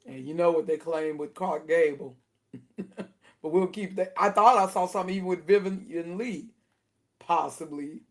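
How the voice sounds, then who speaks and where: A woman giving casual spoken commentary to her viewers, indignant and animated, laughing between her points. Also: fairly low pitch, normal speed. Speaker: video commentator.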